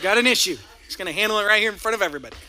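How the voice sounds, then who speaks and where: A man preaching as a pastor before a congregation, telling stories in an animated way and often laughing. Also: high voice, very fast, noisy background. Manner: animated storytelling with frequent laughter. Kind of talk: sermon. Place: church stage before a congregation.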